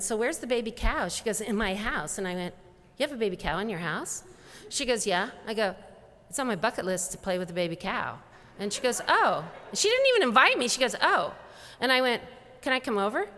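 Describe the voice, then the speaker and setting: A woman gives a motivational keynote in a big conference hall, and her bright, forceful voice rings out with a long reverb. She tells stories in an animated way and acts out both sides of each conversation. Her pitch sits a little high for a woman. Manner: animated storyteller acting out dialogue. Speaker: conference speaker.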